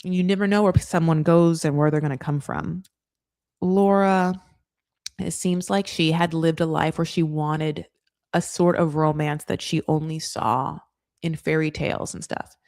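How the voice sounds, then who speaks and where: Woman recap host, lowish voice, dry close sound, rambling and chatty, slips into quick character voices. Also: steady tone, darkish tone, dry recording. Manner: chatty, rambling, full of "like" and "you know"; acts out cast members in quick quoted voices. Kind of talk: casual recap commentary.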